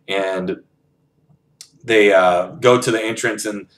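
A man's voice: fairly low pitch, steady tone, slow, a bit bright. A man casually retelling a novel in his own words, rambling and swearing freely as he narrates the scenes. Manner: rambling and profane, narrates scenes with frequent quoting. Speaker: book reviewer retelling a novel.

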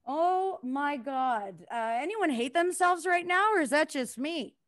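Crude, high-voiced woman doing stand-up. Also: animated, unhurried. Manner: crude, self-deprecating, laughs at own jokes, talks to the crowd. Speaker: stand-up comedian. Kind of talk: stand-up comedy set.

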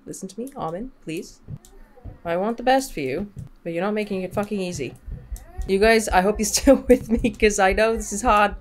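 A woman playing a horror game on stream, jumpy and swearing, with nervous laughter. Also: medium pitch. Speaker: let's play gamer.

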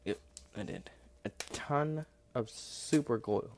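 A man's voice: medium pitch, expressive, slow pace, gravelly, darkish tone, a little hiss or hum. A man casually narrating an unboxing in his home kitchen, talking to a phone camera, rambling and self-deprecating with lots of fillers and apologies. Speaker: unboxing vlogger. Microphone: phone camera with headphones plugged in.

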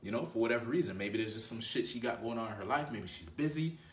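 A dating coach runs through a loose, conversational advice monologue packed with slang, calling the listener "bro" and checking in with frequent "right?" tags. He's animated and fast-talking at a medium pitch, far from the mic, with the room lending a noticeable echo and slight background noise.

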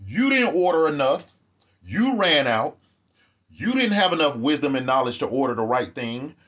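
A man giving ranting vlog commentary, animated, profane and sarcastic. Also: fairly high pitch, normal speed.

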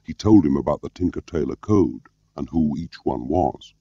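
A man voicing a gruff, bitter ex-spy. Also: extremely low pitch, animated, normal speed, no room sound, muffled recording, heavily acted. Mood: curt. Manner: gruff, barking, rising to shouts. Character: embittered middle-aged male ex-spy, curt, angry.

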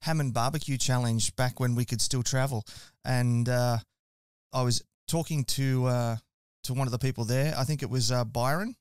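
An Australian man hosts a relaxed podcast chat with a smooth, resonant voice. He sounds friendly and easygoing, calling his guest mate. The recording is close and dry. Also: mid-range voice, moderate pace, no room sound. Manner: friendly, chatty, says mate. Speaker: podcast host. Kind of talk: casual interview chat.

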